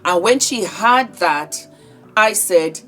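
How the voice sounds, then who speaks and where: A woman's voice: mid-range voice, animated, slow pace, fairly bright tone, soft background music. A woman vlogger giving heartfelt, conversational commentary on celebrity news.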